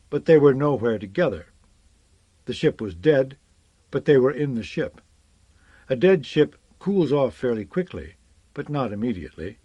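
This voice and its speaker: Male audiobook narrator, slow and expressive, dry close mic. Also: medium pitch, no echo, muffled recording. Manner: measured, expressive reading. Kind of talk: scripted fiction narration.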